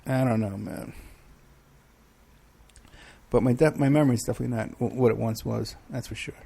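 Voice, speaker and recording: A man's voice: mid-range voice, moderate pace, gravelly, warm tone, breathy edge. A middle-aged man hosting a live show, chatting casually and rambling through questions from the chat with many fillers. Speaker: podcast host.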